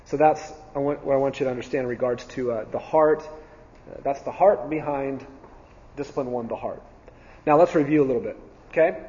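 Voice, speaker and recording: A man's voice: medium pitch, brisk, mellow. A man teaching a Bible class in a church setting, earnest, repeating key phrases with frequent ums and restarts. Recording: dull sound with long reverb in a hall.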